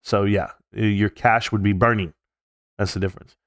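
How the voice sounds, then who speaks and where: A man's voice: lowish voice, steady tone, moderate pace, no echo, studio quality. A man hosting a live stream, casually chatting and reading viewer comments aloud in loose, profane slang.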